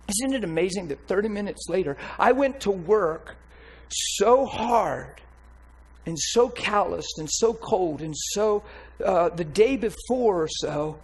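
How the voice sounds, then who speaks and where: A man's voice: high-pitched, breathy edge, rough recording. A man preaching his testimony in an impassioned, emphatic way. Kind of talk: testimony sermon.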